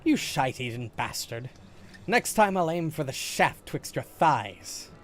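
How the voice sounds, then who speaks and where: A man voicing a gruff, foul-mouthed old male gunner who growls crude threats. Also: on the high side, sing-song, unhurried, a bit bright, slight background noise. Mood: snarling. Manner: coarse threats and profanity.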